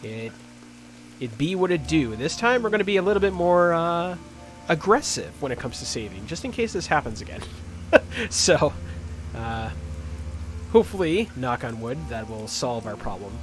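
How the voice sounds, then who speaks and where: A man's voice: on the high side, big pitch swings, normal speed, pauses often, soft background music. A man streaming a video game, chatting casually with lots of fillers as he plays. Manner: rambling, with many fillers. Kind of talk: casual gaming commentary.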